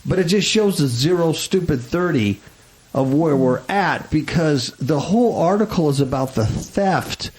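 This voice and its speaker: A man's voice: on the high side, lively intonation, measured pace, a little mellow. A man hosting a Christian talk radio show, rambling and stammering with indignant restarts.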